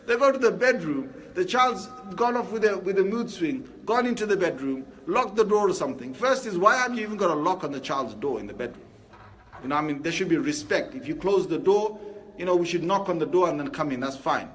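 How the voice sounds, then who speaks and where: A man preaches a Friday sermon in a high, bright-sounding voice. He talks to the congregation casually, firing rhetorical questions at them, with a faint hum behind him. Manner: lively and conversational, asking the crowd rhetorical questions.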